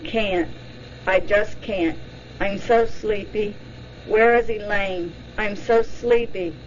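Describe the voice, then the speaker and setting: A woman's voice: medium pitch, slow pace, lo-fi sound, slight background noise, close to an everyday voice. A woman reading as a panicked hypnosis subject. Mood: distressed. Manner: pleading, panicked first-person recall. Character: frightened woman reliving abduction under hypnosis.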